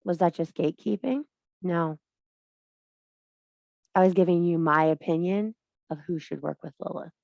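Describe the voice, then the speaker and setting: Woman, lower register, spiritual teacher type, blunt and preachy. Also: moderate pace, gravelly, long pauses, a little mellow, no echo, dull audio. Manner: blunt, emphatic, swears freely; preachy, addresses viewer directly. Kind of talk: spiritual monologue to camera.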